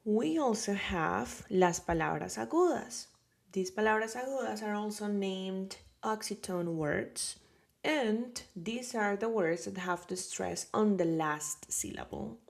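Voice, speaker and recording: A woman with a Colombian Spanish accent teaches a beginner lesson at an unhurried pace. Her voice has a gravelly edge, and she keeps checking in with her students. She stays patient and repeats words so they can follow. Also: medium pitch, animated. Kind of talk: slow explanatory lesson.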